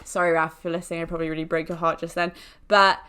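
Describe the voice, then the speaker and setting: A woman's voice: fairly low pitch, little pitch movement, very fast, pushed and bright, smooth. A young woman, hosting a podcast and telling a personal anecdote casually, full of fillers and self-mocking jokes. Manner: chatty, filler-heavy with jokey self-mocking asides. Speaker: podcast host.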